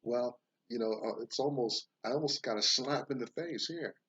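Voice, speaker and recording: A man's voice: medium pitch, normal speed, fairly bright tone, slightly rough, muffled recording. A man hosting a casual monologue, rambling into a folksy parable and now and then doing voices for its characters. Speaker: podcast host.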